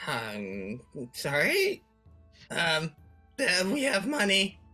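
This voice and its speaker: A player speaking in character in a tabletop game, hesitant and polite, halting with "um" and "uh". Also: mid-range voice, huge pitch swings, pushed and bright, soft background music. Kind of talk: in-character roleplay.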